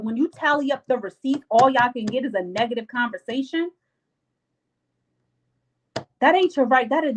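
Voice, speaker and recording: A woman's voice: a little high, rough recording. A young adult woman hosting a live stream, giving casual life advice in an emphatic, slangy, repetitive way and acting out her friends' lines.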